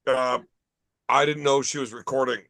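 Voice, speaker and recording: A man's voice: medium pitch, fairly even intonation, moderate pace, fairly bright tone, no echo. A man hosting a casual bar chat podcast, telling profane, rambling stories. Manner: profane, storytelling. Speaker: podcast host.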